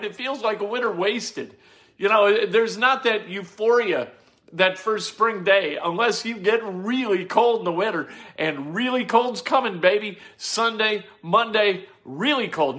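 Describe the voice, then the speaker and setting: A man's voice: sits high, fairly bright tone. A man hosting sports talk, giving opinionated, rambling commentary full of rhetorical questions and restarts. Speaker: sports radio host. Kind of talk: casual sports commentary monologue.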